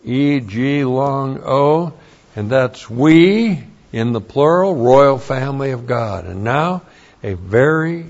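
A man's voice: mid-range voice, lively intonation, slow, darkish tone. A man teaching an expository sermon, carefully explaining Greek grammar and spelling out words letter by letter. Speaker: pastor. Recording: dull lo-fi sermon recording.

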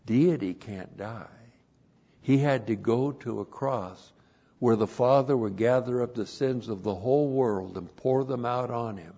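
A man preaching an expository sermon, emphatic, rising loud on key phrases and slowing down to stress single words. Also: mid-range voice, slightly rough, highs cut off. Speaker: pastor.

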